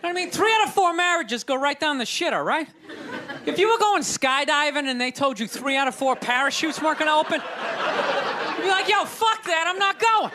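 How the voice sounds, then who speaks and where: A man doing stand-up comedy before a live audience, ranting loudly and swearing, exasperated. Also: extremely high pitch, animated, a little fast. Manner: loud, exasperated ranting with profanity. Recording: live show with crowd noise. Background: audience laughter and applause.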